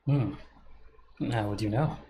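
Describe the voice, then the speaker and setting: A man's voice: fairly low pitch, measured pace, mellow, breathy edge. A man playing in a tabletop game, joking and bargaining casually with the game master. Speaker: player. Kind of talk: casual tabletop role-play.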